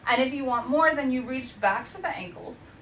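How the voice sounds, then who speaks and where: A young woman teaching a yoga class from home, giving gentle cues with chatty, encouraging asides. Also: high voice, normal speed, a little hiss or hum, poor audio. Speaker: yoga instructor. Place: home practice space.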